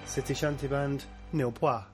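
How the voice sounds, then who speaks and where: A man's voice: mid-range voice, steady tone, normal speed. A man co-hosting a casual podcast, hesitant with many ums and frequent laughs. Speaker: podcast co-host, medal adjudicator. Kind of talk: casual chat. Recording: music playing behind voices. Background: music.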